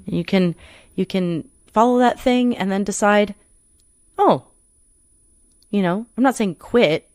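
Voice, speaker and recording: A woman's voice: medium pitch, a little slow, long pauses, darkish tone, no room sound, clean studio sound. A woman who performs and coaches, talking earnestly in an interview, rambling a little and restarting her sentences often. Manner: earnest, rambling with many restarts and "you know". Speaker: performer and coach, podcast guest. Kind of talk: reflective interview conversation.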